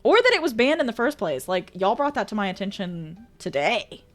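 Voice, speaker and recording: A woman with a medium-pitched, sing-song voice talks fairly quickly over faint background music. She's live streaming, chatting casually and reading viewer messages aloud, full of exclamations, frequent swearing and lots of laughter.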